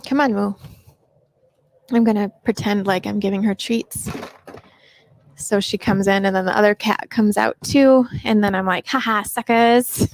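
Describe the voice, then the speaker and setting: A woman's voice: medium pitch, a little mellow, no echo. Chatty upbeat woman hosting a live stream. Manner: chatty and upbeat, greets viewers by name. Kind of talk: casual live Q&A chat. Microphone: personal microphone.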